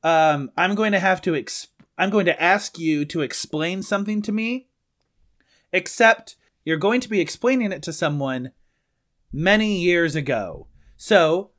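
A man's voice: high-pitched, fairly bright tone. A man hosting a comedy podcast, leading bits in casual, upbeat banter. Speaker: podcast host.

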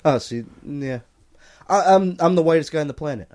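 A man's voice: fairly high pitch, lively intonation, normal speed, darkish tone. A man co-hosting a casual podcast, telling jokey stories. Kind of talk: casual chat.

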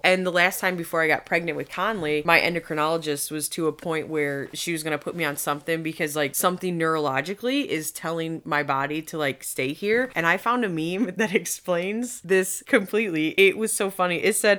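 A woman in her thirties, a mother chatting casually as a podcast co-host, animated and chatty. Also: on the low side, moderate pace, few pauses. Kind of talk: casual chat.

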